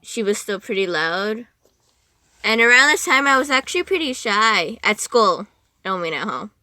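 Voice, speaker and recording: Very animated and sharp in tone, this podcast guest keeps wandering off topic, laughing and interrupting herself before finishing her thoughts. Her voice is mid-range at a normal speed, captured in a dry recording.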